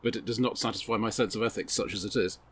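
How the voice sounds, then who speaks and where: A man's voice: fairly low pitch, fairly even intonation, quick pace, a little hiss or hum. A man playing in a tabletop game, stammering a little, with dry wit. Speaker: player. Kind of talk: tabletop role-play chat.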